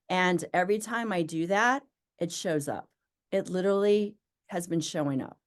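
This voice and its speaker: A woman who owns a business, talking as an interview guest and acting out her own excited thoughts as she tells her story. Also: on the low side, normal speed. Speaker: interview guest, med spa owner. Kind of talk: casual interview conversation.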